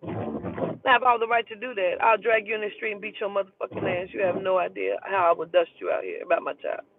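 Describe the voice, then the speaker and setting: A woman telling a heated, profane story in an emphatic, animated way. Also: mid-range voice, brisk, gravelly, a little hiss or hum. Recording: tinny phone-like sound.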